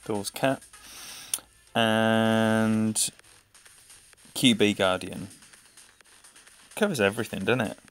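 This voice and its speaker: A man's voice: fairly low pitch, takes it slowly, pauses often, a bit bright, clear, resonant tone. A man giving live gameplay commentary and chatting with his viewers by name, laughing easily. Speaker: game streamer. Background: faint game music.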